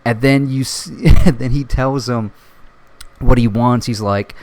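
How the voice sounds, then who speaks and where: A man hosting a casual solo podcast, reviewing a TV show in an excitable way, swearing often and full of fillers. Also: mid-range voice, a little slow. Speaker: podcast host.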